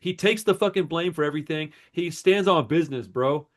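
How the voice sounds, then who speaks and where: A man co-hosting a podcast, telling a story in a rambling, animated way, peppered with swearing and "bro" and "dude.". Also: fairly high pitch, fairly quick. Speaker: podcast co-host. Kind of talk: casual chat.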